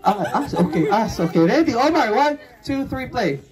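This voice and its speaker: A woman's voice: fairly high pitch, sing-song, moderate pace, a crowd in the background. A woman hosting a children's game at a film premiere, coaxing kids up and counting aloud. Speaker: event host. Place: film premiere event venue.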